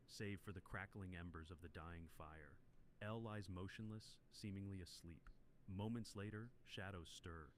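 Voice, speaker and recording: A man narrating a story in a steady, dramatic scripted way. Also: deep voice, slight background noise.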